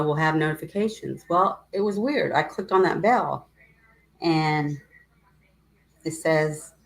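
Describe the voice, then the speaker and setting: A middle-aged woman with a notably low voice hosts a casual livestream, rambling and emotional as she tells her story. She breaks off now and then to greet viewers by name. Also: fairly bright tone, poor audio. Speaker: livestream host.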